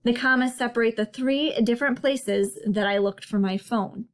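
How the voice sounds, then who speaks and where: A woman narrating a slide lesson as a writing tutor, explaining patiently and slowing down to stress each example. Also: on the high side. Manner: clear, patient explaining with slow emphasis on examples.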